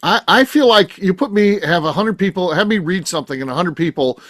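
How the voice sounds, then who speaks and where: Man, light St. Louis accent, podcast host, animated intonation, dry close sound, halting fillers. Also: high voice, no room sound. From St. Louis area. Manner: animated, hesitant with many "uh" fillers, quick to laugh. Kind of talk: casual podcast chat.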